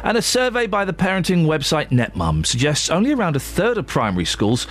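A man presenting breakfast radio, mocking the stories in a lively, sarcastic way. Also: brisk. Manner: mocking, animated, swings between deadpan and high exclamations. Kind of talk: breakfast radio chat and news.

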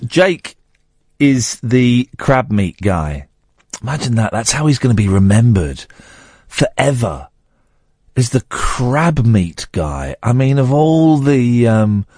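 Lively, jokey male radio host. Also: medium pitch, no room sound, clean studio sound. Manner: playful, jokey, animated. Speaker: radio talk show host. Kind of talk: late-night phone-in chat. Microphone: studio mic.

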